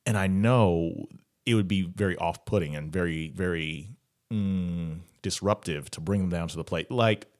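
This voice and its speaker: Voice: low voice, moderate pace. A podcast co-host in casual chat who jokes and laughs often. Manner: joking, laughs often, animated.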